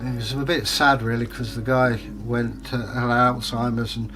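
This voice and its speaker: A man's voice: mid-range voice, level tone, moderate pace, a bit bright. A man, co-hosting a casual chat and telling easygoing, rambling stories. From England. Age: 60s. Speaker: co-host reading viewer comments.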